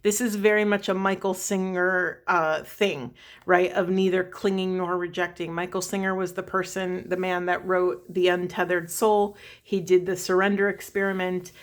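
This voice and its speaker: A woman's voice: fairly low pitch, level tone, normal speed. Earnest woman giving a spiritual talk. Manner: earnest, rambling, with frequent "right?" asides. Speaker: spiritual coach. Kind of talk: casual spiritual talk to camera.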